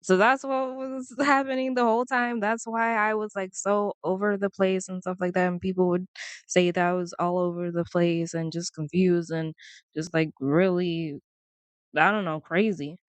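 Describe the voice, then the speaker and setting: A young woman talks casually to her viewers, wandering from thought to thought and breaking into laughter. Her voice sits low for a woman. The recording is close and dry, with no room sound. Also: steady tone, moderate pace, no room sound. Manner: chatty, rambling, laughs often, quotes people in voices. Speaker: vlogger. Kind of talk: casual chat to camera.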